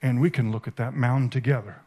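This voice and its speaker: A man giving a sermon at a conference, telling an emotional story with halting, repeated starts. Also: mid-range voice, steady tone, dark tone, husky. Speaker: conference speaker. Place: conference stage.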